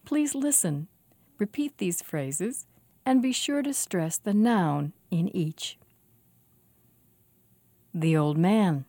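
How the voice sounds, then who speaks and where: Slow, careful woman teaching pronunciation. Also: medium pitch, very animated, warm tone, no room sound. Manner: slow, careful, clearly enunciated drill reading. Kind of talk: scripted language lesson.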